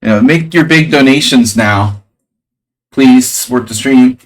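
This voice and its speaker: A man's voice: mid-range voice, measured pace, recorded from a distance, a little hiss or hum, poor audio. A man streaming chess, thinking aloud over his moves with dry, jokey asides. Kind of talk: live-stream chess commentary.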